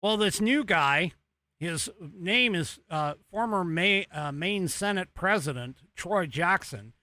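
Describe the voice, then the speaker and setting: A man's voice: sits high, animated, takes it slowly, pushed and bright, dry recording. Rambling, exasperated male commentary host. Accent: American. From United States. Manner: rambling, exasperated, sarcastic asides. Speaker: podcast host. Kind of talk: casual political commentary.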